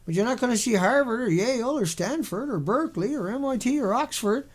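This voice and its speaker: A man's voice: extremely high pitch, animated, fairly quick. A man giving sarcastic, ranting commentary on a series of pictures, mocking and repetitive in his delivery. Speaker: video commentator.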